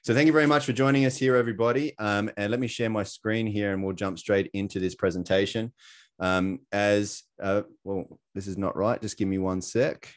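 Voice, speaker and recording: Chatty Australian man, lowish voice. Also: fairly even intonation, normal speed. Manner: chatty, many fillers, laughs at himself. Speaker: presenter sharing his story. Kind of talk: casual presentation on a video call.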